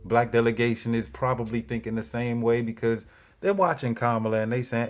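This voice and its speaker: A man's voice: mid-range voice, steady tone, fairly quick, faint music behind. A man giving casual, slangy political commentary straight to his viewers, preachy and direct.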